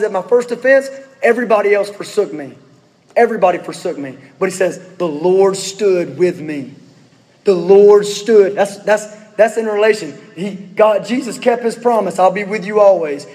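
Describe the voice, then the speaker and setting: Male pastor, high-pitched, casual preaching style full of questions and asides; recorded with lingering hall reverb. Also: darkish tone. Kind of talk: sermon.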